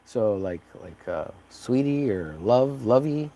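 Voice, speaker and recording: Man, livestream painter, mid-pitch, rambling jokey chatter, self-deprecating. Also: expressive, slow, warm tone. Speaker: livestreaming artist. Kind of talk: casual livestream chat while painting.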